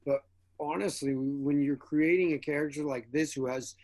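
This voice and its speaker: A man as a guest actor in an interview, telling casual stories with animated energy, acting out the quoted dialogue and laughing often. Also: on the high side, normal speed.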